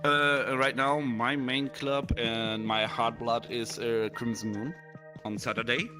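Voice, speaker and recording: A German man with a German accent, a podcast guest who speaks slowly and hesitantly and giggles often. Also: medium pitch, level tone, music in the background. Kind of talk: casual chat.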